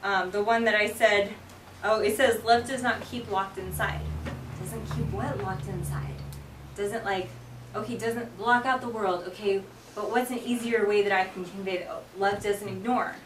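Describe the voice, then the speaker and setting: A woman's voice: mid-range voice, fairly even intonation, moderate pace, a little hiss or hum. A young woman teaching a sign language class in casual chat, full of "like" and "um", acting out song lyrics as she explains. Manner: chatty, lots of "like" and "um", acts out lyrics. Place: classroom with students. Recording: echoey room, voice from far off.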